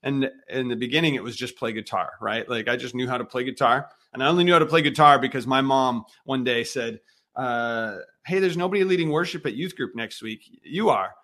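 A man in his thirties, a guest on an interview, telling a story with lively acted-out dialogue. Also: medium pitch, brisk. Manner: animated storyteller acting out quoted dialogue. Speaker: guest, missionary musician.

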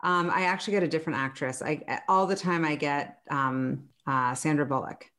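A woman hosting a podcast, asking questions in a bright, gushing way. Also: low voice, moderate pace. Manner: upbeat, gushing interviewer. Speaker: podcast host. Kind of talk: casual interview chat.

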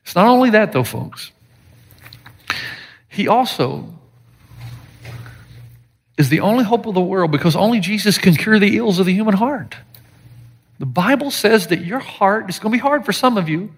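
A high-voiced man preaching a sermon with lively, sweeping pitch. He jokes and then suddenly shouts his points. His voice rings out through a large hall with a long, lingering reverb. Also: normal speed, long pauses. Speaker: pastor.

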